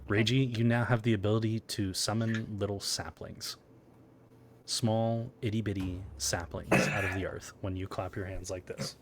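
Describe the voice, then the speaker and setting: Low-voiced man running a tabletop game. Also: moderate pace, background noise. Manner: relaxed, explanatory narration with chuckles. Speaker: game master. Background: music.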